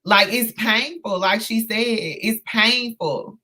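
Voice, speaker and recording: Woman host in her thirties, casual live-stream talk, slow, bright tone, heartfelt and halting. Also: a little high. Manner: earnest, impassioned, halting with many fillers and restarts. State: emotional, close to tears. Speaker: host of a live book discussion.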